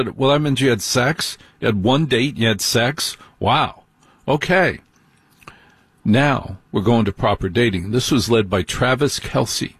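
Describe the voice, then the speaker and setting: A man's voice: mid-range voice, husky, no echo. A man hosting a radio talk show, giving opinionated advice and playing out little dialogues as he talks. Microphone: studio microphone.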